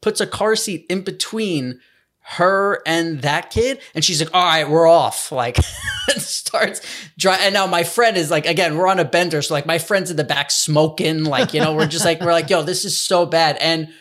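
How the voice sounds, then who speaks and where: A man's voice: a little high, moderate pace, a bit bright. A young man telling a rambling, swear-filled story in casual chat. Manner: rambling anecdote, swearing, laughs often.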